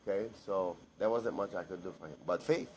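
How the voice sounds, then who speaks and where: A man's voice: sits low, a little fast, a little mellow, a little hiss or hum. A man giving a blunt, emphatic personal monologue to camera, repeating himself for stress.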